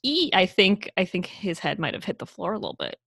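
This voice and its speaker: A young woman co-hosting a podcast, recapping a show in animated, exasperated casual chat, swearing now and then. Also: mid-range voice, fairly quick, vocal fry, slightly rough, no echo, studio quality.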